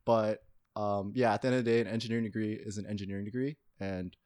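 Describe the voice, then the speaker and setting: Relaxed young man, lowish voice. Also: fast talker. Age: young adult. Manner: relaxed, thoughtful, hedging. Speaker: podcast guest. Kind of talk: casual chat.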